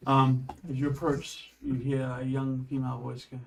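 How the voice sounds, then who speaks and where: Give me a man running a tabletop game, halting and restarting, recorded a bit off-mic. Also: mid-range voice, monotone, gravelly, far from the mic, a little hiss or hum, low-quality recording. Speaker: game master.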